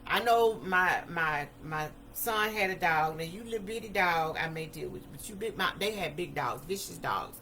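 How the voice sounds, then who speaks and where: A woman in her fifties tells her own story with a bright, forceful edge to her voice, sitting a little low in pitch. She speaks emphatically and vividly, in relaxed vernacular phrasing. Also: normal speed, few pauses, rough recording. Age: 50s. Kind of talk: personal testimony talk.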